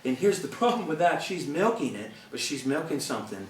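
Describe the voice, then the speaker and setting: A middle-aged motivational speaker addresses an audience with an earnest, conversational talk, laughing often. His voice is a little high and sing-song, moving a little fast. He stands away from the mic in an echoey room, and the distant recording carries a little hiss or hum.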